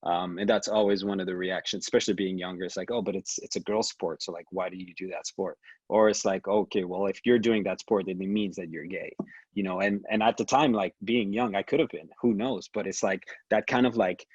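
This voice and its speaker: Low-voiced man on a dull dry call. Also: a little fast, breathy edge, no room sound. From Canada. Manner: animated storytelling with many restarts and laughs. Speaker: guest figure skater. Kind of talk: casual conversation.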